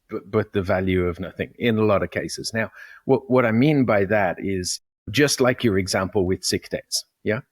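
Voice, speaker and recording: A man with a low voice co-hosts a casual business podcast. He speaks reflectively and halts often, repeating his opening words before he finds his point. The sound is dry and close, with no room echo. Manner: reflective, halting, laughs easily. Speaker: podcast co-host.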